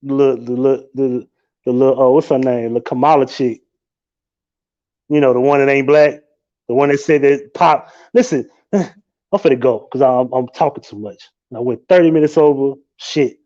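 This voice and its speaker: A man hosting a live stream, ranting loudly and mockingly with a lot of swearing. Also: mid-range voice, steady tone, moderate pace, dull audio. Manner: profane, loud and mocking. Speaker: livestream host. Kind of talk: casual live-stream rant.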